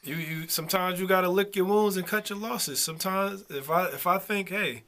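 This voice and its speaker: A man's voice: high voice, brisk, a bit bright. A young man co-hosting a couple's vlog in casual chat, teasing and argumentative, often repeating his words.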